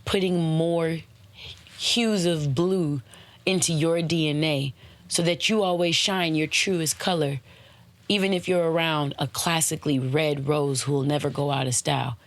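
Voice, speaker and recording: A woman's voice: low-pitched, steady tone, measured pace, no echo. A woman hosting a podcast, giving casual motivational talk and slipping into playful voices for examples. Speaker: podcast host.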